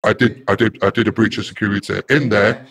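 Rambling man, low voice. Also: steady tone, fast, creaky, crowd noise. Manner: rambling and repetitive, grows loud and agitated. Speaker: interview guest. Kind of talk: casual first-person storytelling.

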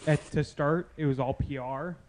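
A young man playing as a contestant on a student game show, cracking jokes in a deadpan way. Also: fairly high pitch, moderate pace, slight background noise. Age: young adult. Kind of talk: casual joking chat.

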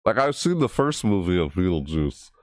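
Deep-voiced man rambling through a reaction. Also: normal speed, no echo, studio quality. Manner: rambling, restarts often, excitable. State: voice cracking. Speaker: reaction video host. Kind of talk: casual rambling reaction commentary.

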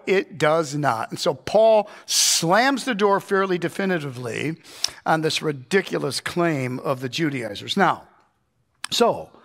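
Male pastor, fairly high voice, emphatic conversational sermon delivery, keeps checking in with the room. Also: creaky, a bit bright. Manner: emphatic, conversational, asks the congregation rhetorical questions. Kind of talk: verse-by-verse Bible teaching sermon. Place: church.

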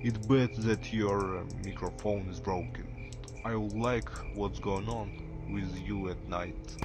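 A man voicing a king's chief servant in a game, speaking in halting, oddly phrased English with a Russian accent. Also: fairly low pitch, fairly even intonation, music in the background, close to an everyday voice, low-quality recording. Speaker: game phone caller. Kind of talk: game character voice.

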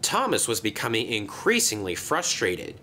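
A man narrating a children's story in a gentle, expressive way. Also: fairly low pitch, moderate pace, a little hiss or hum.

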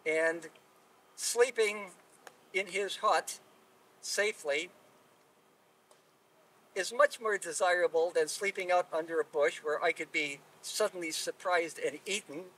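A man voicing a loyal dog who reasons in a halting, matter-of-fact way. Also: sits high, fairly bright tone, slightly rough, full character voice. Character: loyal male dog, practical and self-serving. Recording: distant mic at live telling.

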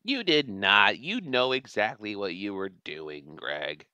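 A man's voice: on the low side, sing-song, slow, bright, forceful tone, smooth, no echo. A man hosting a reaction commentary, exasperated and sarcastic, swearing often at the clip he is watching. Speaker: commentary channel host.

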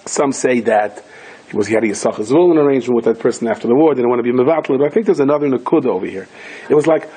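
Husky rabbi telling stories, peppered. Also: male voice, racing, low-quality recording. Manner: animated storyteller, acts out quoted voices with sudden high pitch jumps. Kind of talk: storytelling Torah lecture.

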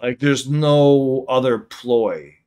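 A man's voice: medium pitch, slow, darkish tone, clean tone. A man hosting a casual live reaction stream, talking in a rambling way with lots of restarts and casual swearing. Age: under 50. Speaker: livestream reaction host. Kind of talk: casual livestream chat.

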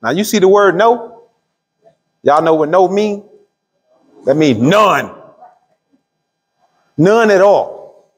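A middle-aged pastor teaching a Bible study, asking the room questions and drawing out key words. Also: male voice, sits high, lively intonation, slightly rough. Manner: call-and-response questions to the room; drawls key words slowly. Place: church hall. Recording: long hall reverb.

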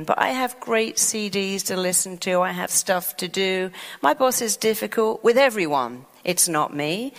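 A woman's voice: lowish voice, big-room sound. A woman giving a motivational talk, animatedly acting out the inner voice of the mind. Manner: animated, acts out the mind's voice in quoted lines. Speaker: motivational speaker.

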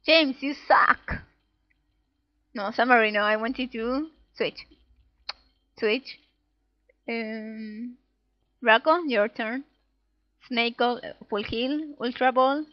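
A woman's voice: fairly high pitch, fairly even intonation, slow pace, long pauses, no room sound. Woman gamer narrating gameplay playfully. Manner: playful, giggly, reads game text in little voices. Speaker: let's play gamer. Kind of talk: casual gameplay commentary reading dialogue aloud. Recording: dull, dry home recording.

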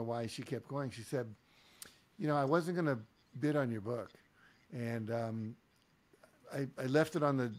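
Gravelly husky male podcast host. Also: mid-range voice. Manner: reflective storyteller, peppers speech with "you know". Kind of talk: conversational interview.

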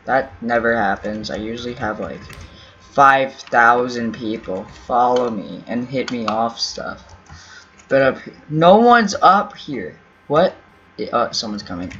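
Slow rambling guy narrating a game. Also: medium pitch, expressive, a bit bright, slight background noise. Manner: rambling, self-talk, pleading and teasing. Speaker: gaming YouTuber. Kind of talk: casual gameplay commentary. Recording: dull lo-fi audio with faint game music. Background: keyboard typing and faint music.

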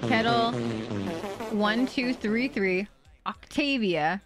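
A woman with a high, bright voice thanks her viewers one name at a time, giggling and close to tears. She speaks slowly and lingers on each name. Music plays clearly behind her. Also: lively intonation. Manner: emotional and giggly, reading out names. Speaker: streamer. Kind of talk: thanking gifted subs on a live stream.

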